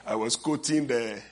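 An older man with a foreign accent preaching a sermon, leading the congregation with call-and-response and repeated amens. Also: mid-range voice. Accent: non-native English accent. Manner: call-and-response, repeated "amen and amen", drawn-out emphasis. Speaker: visiting preacher.

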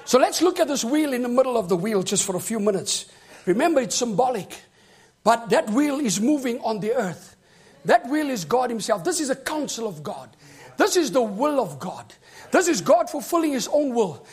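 A man preaching with an unusually high voice that climbs even higher as he shouts. He delivers a fervent sermon and keeps calling out for amens from the congregation. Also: moderate pace, slightly rough.

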